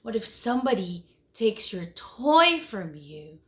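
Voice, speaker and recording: A woman teaching a lesson to young children online, with an animated, sing-song delivery that swings in pitch and loudness and asks the children many questions. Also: takes it slowly. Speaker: preschool teacher.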